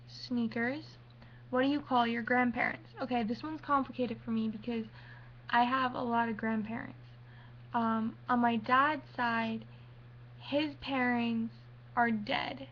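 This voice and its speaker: A young woman vlogging at home at night, chatty and rambling, easily going off on tangents, recorded on a webcam mic. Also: on the high side. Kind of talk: casual webcam vlog. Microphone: built-in webcam mic. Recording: dull lo-fi webcam audio.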